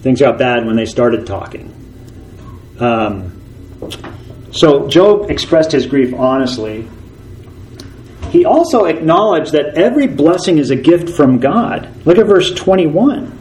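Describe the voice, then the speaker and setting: A male pastor delivering a sermon in an earnest, steady voice at a middling pitch. He leans on repetition to drive his points home. When he reads scripture, he slows to a measured pace. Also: low-quality recording. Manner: earnest, repeats key phrases for emphasis.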